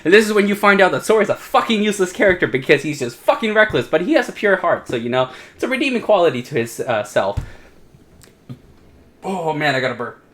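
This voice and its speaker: A man's voice: high-pitched, very animated, fast, fairly bright tone. Tipsy young guy, rambling plot recap, lots of laughs and swearing. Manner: rambling, profane, laughing, acting out characters in silly voices. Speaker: co-host. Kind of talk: drunken casual retelling of a game plot.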